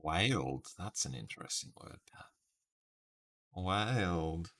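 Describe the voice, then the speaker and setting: A man's voice: sits low, expressive, takes it slowly, a bit bright. A man casually live-streaming a word puzzle, thinking aloud over his guesses and chatting with viewers by name. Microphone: webcam stream setup.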